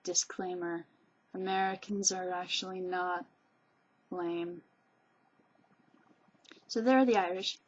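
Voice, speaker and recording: A woman's voice: on the low side, steady tone, takes it slowly, long pauses, dull audio. A woman vlogger rambling in a casual monologue, gushing, chatty and digressive.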